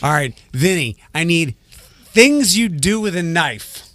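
A man hosting a radio show, brisk and quick to laugh as he runs a quick-fire game. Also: a little high, sing-song, a bit bright. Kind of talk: casual studio banter.

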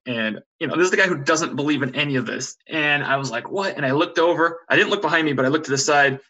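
A young man with a bright, forward voice tells a spooky story in relaxed chat. He wanders through it with lots of fillers and restarts. He slips into the voices of the people he quotes. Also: a little high, quick pace, low-quality recording. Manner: rambling, frequent fillers and restarts, acts out quotes. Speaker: podcast guest telling ghost stories. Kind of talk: casual storytelling conversation.

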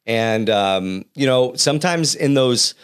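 Man in his forties, Boston accent, podcast co-host, mid-pitched, rambling, playful storyteller. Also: animated, slow, clean tone. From Boston area. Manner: rambling, many fillers and restarts. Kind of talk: casual podcast chat.

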